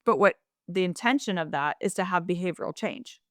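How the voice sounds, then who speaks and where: On a podcast, a woman co-host talks fairly quickly in a lowish voice, recorded at studio quality with no room sound. Chatty and animated, she goes on at length, restarting and sidetracking often, and performs quotes in changing voices.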